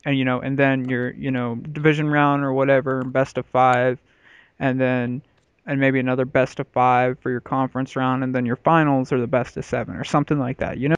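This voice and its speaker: A man's voice: medium pitch, little pitch movement, fairly quick, clear, resonant tone, no echo, dull audio. A man in his thirties hosting a podcast in casual, rambling, profane chat. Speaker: podcast host.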